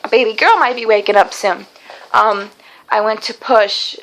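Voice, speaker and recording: A woman's voice: medium pitch, normal speed, fairly bright tone, poor audio. Chatty young woman vlogging. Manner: chatty and rambling, many fillers and restarts. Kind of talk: casual vlog storytelling.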